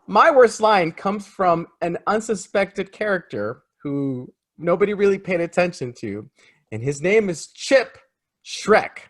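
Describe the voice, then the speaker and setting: A man co-hosting a casual film review podcast, laughing often and animated. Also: high voice, a little slow. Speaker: co-host. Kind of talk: casual movie review chat.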